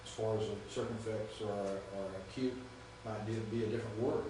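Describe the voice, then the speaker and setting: A male Greek teacher lectures fairly quickly in a lowish, steady voice, staying patient and frequently making sure students follow. He is captured from afar in an echoey room against a noisy background.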